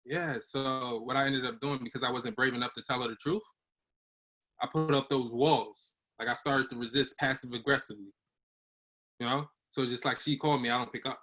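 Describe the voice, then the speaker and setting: Young man, casual slang, personal story, medium pitch, acts out voices. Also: steady tone, normal speed, pauses often, pushed and bright.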